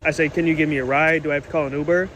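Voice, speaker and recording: A young man telling a personal story to the camera, indignant and animated, acting out quoted lines. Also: on the high side, very fast, slight background noise, low-quality recording.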